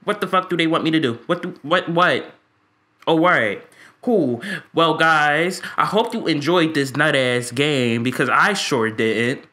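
A man's voice: fairly high pitch, unhurried, pushed and bright. A man giving ranting, profane commentary on a game he is fed up with, stammering when frustrated. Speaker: gaming YouTuber.

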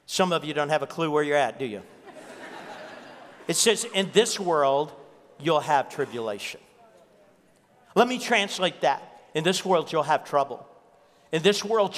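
A man's voice: a little high, expressive, measured pace, long pauses, in a large hall. A man preaching a sermon as pastor, telling a story and repeating key lines for emphasis. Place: church.

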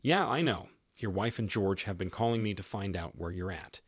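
A man's voice: sits low, lively intonation, moderate pace, slightly rough, no echo, clean studio sound. A man voicing a loyal, kind woman who reassures a friend in a story reading. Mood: reassuring.

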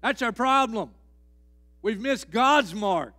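A middle-aged man preaches a sermon in a church with a notably high voice for a man. He hammers home phrases by repeating them. His delivery rises to near-shouts and then drops to a hush. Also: lively intonation, takes it slowly. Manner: emphatic, repeating key phrases, swings between loud and hushed. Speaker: pastor. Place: church sanctuary.

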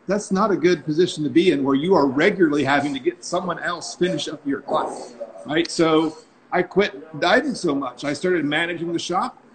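Casual instructor in his forties, a man with a slightly high voice who tells stories and checks in with "right?" over a call mic. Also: normal speed, low-quality recording. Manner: chatty, tags sentences with "right?". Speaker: freediving instructor and guest. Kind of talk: casual storytelling on a live stream. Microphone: phone or computer mic on a video call.

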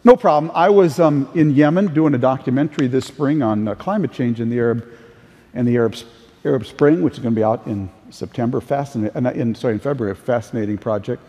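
A man's voice: mid-range voice, quick pace, warm tone. Older man giving an echoey keynote. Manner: storytelling with anecdotes, occasional restarts. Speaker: keynote speaker. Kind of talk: conference keynote speech. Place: large conference hall. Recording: distant, echoey hall sound.

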